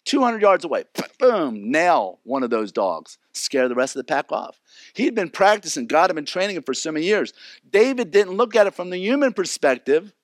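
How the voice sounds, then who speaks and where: A man preaching a sermon, animated, acting out the people in his stories. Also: sits high, moderate pace, no room sound. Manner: animated, acts out characters. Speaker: pastor.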